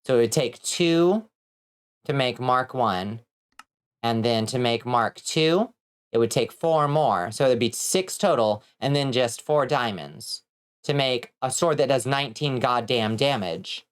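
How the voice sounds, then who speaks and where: A woman streaming a game, chatting casually, reading chat and swearing a lot when excited. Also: a bass voice, a little slow, clean tone. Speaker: vtuber streamer.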